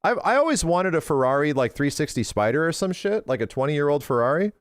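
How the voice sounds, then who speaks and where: A man's voice: on the high side, fairly quick, no room sound. Hyped up streamer guy, swears a lot, voice jumps all over, dry close mic. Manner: excitable, profane, retells talks in quoted voices. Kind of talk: casual livestream chat.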